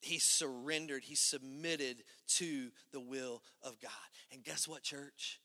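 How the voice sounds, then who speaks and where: A man preaching a sermon as pastor, in a conversational style that swings between loud emphatic lines and hushed low ones. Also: fairly even intonation, takes it slowly, big-room sound.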